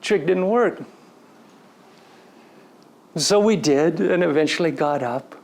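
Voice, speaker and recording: A man giving a storytelling lecture to an audience, recounting a personal story in an animated way and slipping into quoted dialogue. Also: fairly high pitch, slow, creaky. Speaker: story coach.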